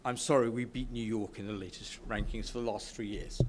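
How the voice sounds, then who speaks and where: Speaking informally to a live audience in an event room, a man from the UK addresses a business networking event with lots of enthusiasm, frequently tripping over and restarting his sentences. His voice is lowish and steady in tone, a little fast, with slight background noise.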